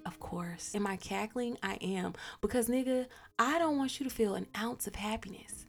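A woman hosting a podcast, telling a personal story in a casual, animated way, swearing and laughing often. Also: mid-range voice, moderate pace, few pauses. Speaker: podcast host.

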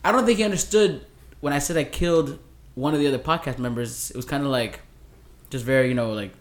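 A man in his thirties with a fast, mid-range voice co-hosts a podcast and tells a long dream story. In this casual chat, he rambles as a storyteller, with many restarts and asides.

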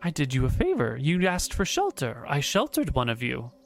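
A woman's voice: a bass voice, huge pitch swings, normal speed, full character voice. A woman playing a serene, aloof dryad. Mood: unbothered. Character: gentle motherly female dryad, serene and aloof.

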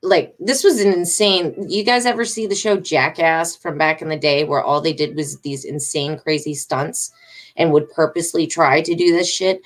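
A woman's voice: low voice, steady tone, normal speed. Agitated middle-aged woman. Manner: agitated, swearing, emphatic and rambling. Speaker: vlogger. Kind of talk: casual storytelling to followers.

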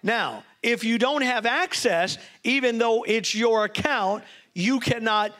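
High-voiced preaching bishop, call-and-response. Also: male voice, takes it slowly. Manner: call-and-response with the congregation, excitable and joking. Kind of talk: sermon.

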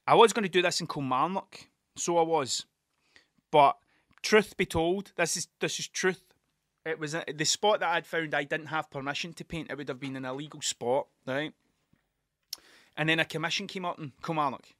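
A Scottish man talks on his own podcast in a loose, rambling way, swearing freely as he goes. His voice sits a little high and comes across bright and tense. The sound is dry, with no room echo. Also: normal speed. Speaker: podcast host. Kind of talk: casual solo monologue.

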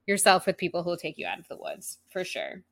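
A woman co-hosting a podcast, talking casually and at length about a book, with lots of fillers and a rambling, animated delivery. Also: fairly low pitch, fast, vocal fry. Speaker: podcast co-host.

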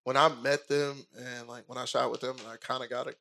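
Young male co-host, gravelly tone, relaxed and unhurried, casual conversation. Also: mid-range voice. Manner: relaxed, hesitant, lots of fillers. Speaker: podcast co-host, photographer. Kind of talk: casual chat.

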